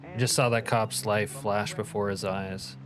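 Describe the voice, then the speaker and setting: A man's voice: lowish voice, fairly even intonation, measured pace, music in the background. Laid-back man streaming a game. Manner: laid-back, joking, reads chat comments aloud. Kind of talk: casual live-stream commentary.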